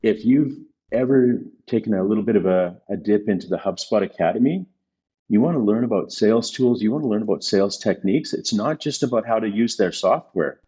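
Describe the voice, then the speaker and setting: A man's voice: on the low side, lively intonation, brisk, dark tone, breathy edge. A male business consultant speaking as a podcast guest, making his points emphatically and repeating them for stress. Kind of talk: casual conversational interview.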